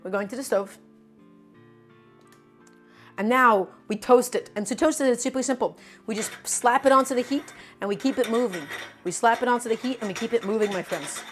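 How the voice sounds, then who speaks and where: Emphatic higher-voiced woman cooking live. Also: brisk, pauses often, soft background music. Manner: emphatic and animated, repeats herself, calls viewers "my friends". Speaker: cooking streamer. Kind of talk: live cooking demonstration, chatting with viewers. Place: home kitchen.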